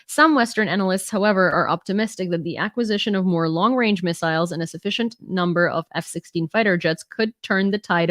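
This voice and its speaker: A woman's voice: lowish voice, dry recording, studio quality. A woman from Ukraine, reading out news reports and adding candid, chatty comments of her own. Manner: candid, chatty asides between read-out reports.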